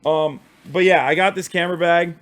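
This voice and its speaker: A male streamer putting on a pompous posh upper-class English accent, talking in a mock-genteel way with lively swoops. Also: fairly high pitch, fairly quick, voice pushed up, lightly acted. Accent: posh English (put on). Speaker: live streamer. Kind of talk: mock-posh comedic monologue.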